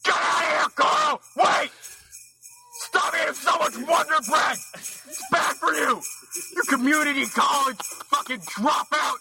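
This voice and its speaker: A man's voice: extremely high pitch, unhurried, vocal fry. A man ranting and screaming profane insults in a comedic recorded message. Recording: played back with jingle music.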